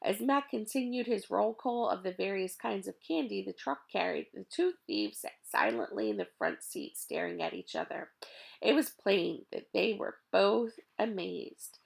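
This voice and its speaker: Gravelly woman reading a children's book. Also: medium pitch, unhurried. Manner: expressive, lively reading. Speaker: reader. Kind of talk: storybook read-aloud.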